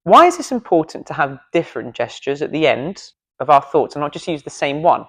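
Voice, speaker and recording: A man's voice: a little high, big pitch swings, a little fast, fairly bright tone, breathy edge. A man coaching public speaking in a casual video lesson, playful and self-deprecating, demonstrating gestures as he talks in a studio.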